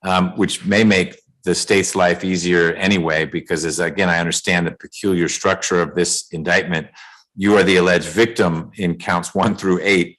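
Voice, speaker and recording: A man presiding as judge over a remote court calendar hearing, speaking in a measured way with dry jokes, over a video call. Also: deep voice, fairly bright tone, low-quality recording.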